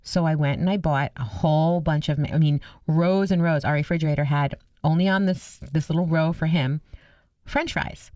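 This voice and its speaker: A middle-aged woman co-hosting a casual radio chat, her voice sitting a little low for a woman. She is expressive and exclaims often as she tells her stories. The studio sound is dry and close. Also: moderate pace, no echo. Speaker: radio show co-host.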